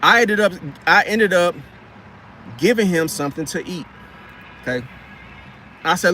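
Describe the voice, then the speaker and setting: A man's voice: high-pitched, fairly quick, bright, forceful tone, slight background noise. A man telling a casual story from his car repair job in a rambling, slangy way, often repeating and restarting his words.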